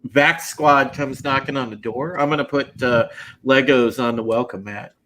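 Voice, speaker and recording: A man hosting a casual streamed chat show, rambling with halting restarts and frequent laughs. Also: medium pitch, fairly bright tone, slight background noise. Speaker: podcast host.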